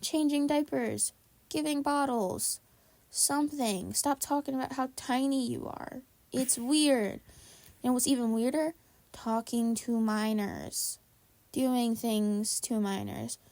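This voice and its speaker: A woman's voice: fairly high pitch, animated, slow, vocal fry, a little mellow, no room sound. A young woman co-hosting a podcast, talking in a blunt, profane, ranting way during casual chat. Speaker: podcast co-host.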